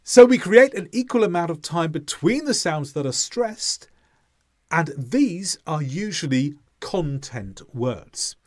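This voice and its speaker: Male English teacher, scripted lesson read slowly and carefully, a lively rising and falling voice. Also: fairly high pitch. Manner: slow, deliberate, clearly stressed delivery with modelled example sentences.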